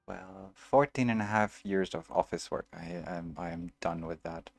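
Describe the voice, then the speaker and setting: Male game streamer, gravelly low voice, chatty, answers viewers as he plays. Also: moderate pace, no room sound, faint music behind. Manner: chatty, reads and answers viewers, muses aloud. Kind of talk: casual let's-play chat.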